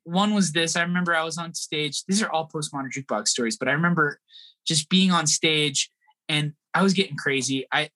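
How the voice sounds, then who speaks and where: A man in his thirties tells a tour story as a podcast guest, his voice bright and forward. He talks loosely, restarts often and puts on the voices of people in the story. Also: on the high side, a little fast. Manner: animated, acts out quoted voices, laughs often. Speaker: guest musician. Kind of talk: casual storytelling.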